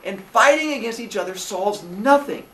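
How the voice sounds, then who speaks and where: A man voicing the old storyteller Aesop, calm and coaxing as he lectures a quarrelling crowd. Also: high voice, moderate pace, pitched above the performer's own voice. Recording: echoey classroom, faint noise.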